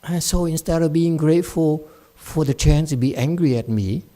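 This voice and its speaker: A man's voice: on the high side, moderate pace, mellow. A man, a Buddhist monk, giving a dharma talk to his class in a blunt, scolding and mocking way. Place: meditation center.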